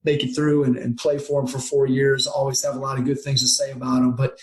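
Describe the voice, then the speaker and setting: Flat-voiced podcast host musing aloud. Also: male voice, mid-range voice, a little fast, low-quality recording. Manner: rambling, reflective questions. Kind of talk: casual interview talk.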